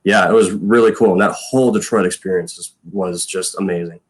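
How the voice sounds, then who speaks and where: A man's voice: sits low, steady tone, brisk, husky. A man in his thirties, a former punter guesting on a podcast, telling stories in a rambling way full of fillers and quoted lines. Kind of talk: casual storytelling chat.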